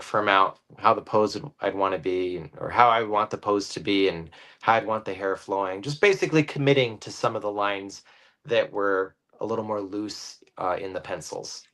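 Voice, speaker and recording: A man who is a guest comic artist, explaining his drawing process casually and thinking aloud with many pauses. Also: fairly low pitch, a bit bright.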